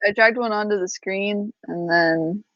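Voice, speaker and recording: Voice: mid-range voice, unhurried, no room sound, dull audio. A player in an online tabletop game, chatty and laughing things off. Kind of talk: casual chat during an online game.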